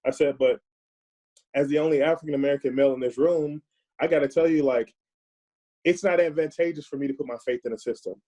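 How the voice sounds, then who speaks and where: A man speaking as a podcast guest in a casual discussion, earnest and forceful, often restarting his words. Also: a little high, steady tone, fast, low-quality recording.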